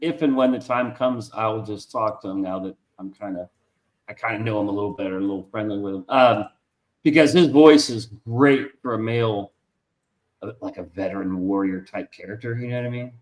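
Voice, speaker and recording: A man's voice: fairly low pitch, brisk. A man hosting a casual drawing stream, rambling enthusiastically and cursing freely. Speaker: artist and stream host. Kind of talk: casual chat. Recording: roomy echo.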